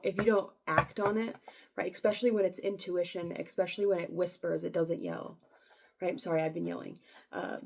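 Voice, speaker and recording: Gravelly-voiced woman, blunt spiritual vlogger. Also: fairly low pitch. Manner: blunt and profane, swings from soft reading to frustrated outbursts. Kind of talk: casual spiritual vlog, reading quotes aloud.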